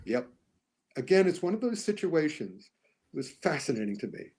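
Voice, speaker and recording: A man talking casually as a podcast guest about films, animated, often acting out lines he quotes. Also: a little high, normal speed, husky. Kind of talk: casual podcast movie discussion.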